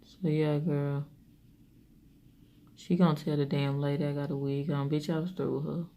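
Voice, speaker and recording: A woman vlogger, chatting casually while doing her makeup and telling an exasperated story in animated, sassy bursts. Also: sits low, normal speed, slight background noise.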